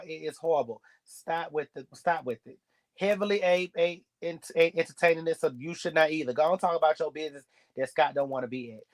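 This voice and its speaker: A man giving a sassy, blunt, gossipy recap of a reality show episode. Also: a little high. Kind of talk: casual recap commentary.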